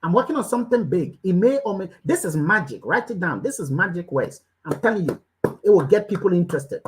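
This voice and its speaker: A woman's voice: lowish voice, animated, a little fast, a little hiss or hum, low-quality recording. A woman giving a motivational business talk as a coach, hammering home short commands and firing questions straight at her listeners. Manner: emphatic, repeats short commands again and again; preachy, questioning the listeners directly.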